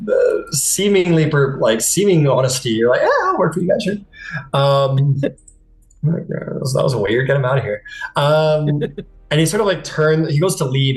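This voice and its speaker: A man's voice: medium pitch, echoey room, low-quality recording. A man narrating as game master in a casual, rambling way with many fillers. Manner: casual, laughing, lots of fillers.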